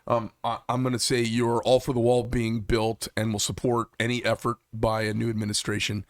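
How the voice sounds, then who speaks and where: A man's voice: medium pitch, completely flat delivery, moderate pace, no room sound, studio quality. A man hosting a casual interview, rambling with many hesitations and blunt, profane remarks. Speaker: podcast host.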